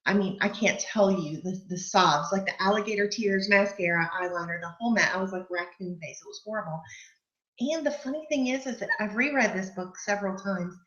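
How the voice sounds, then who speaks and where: A woman hosting a live online book club chat, talking in a gushing, chatty way with lots of fillers, clearing her throat from allergies. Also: medium pitch, fairly quick, a bit bright, dull audio. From Texas.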